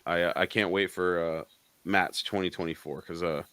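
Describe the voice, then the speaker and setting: A man's voice: deep voice, fairly even intonation, normal speed, fairly bright tone, clean tone, dry recording. A man co-hosting a live car show, telling a story in casual chat, swearing freely and laughing between lines.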